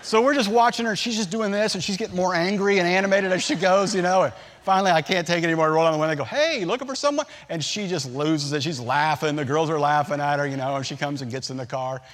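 A middle-aged man preaching a sermon, telling a family story in a relaxed, conversational way with humorous asides. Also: on the high side, quick pace. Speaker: pastor.

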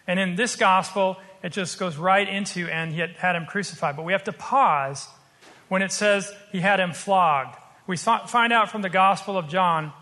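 A man preaching a sermon, earnest and explanatory, slowing down to stress his points. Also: sits high, pushed and bright, in a large hall. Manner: earnest, explanatory, slows for emphasis.

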